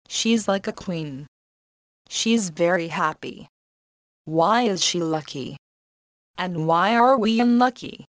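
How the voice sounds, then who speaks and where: A woman voicing a spoiled, envious young woman in a slow, plain storybook reading. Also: lowish voice, no echo. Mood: complaining. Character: envious older sister, spoiled and resentful.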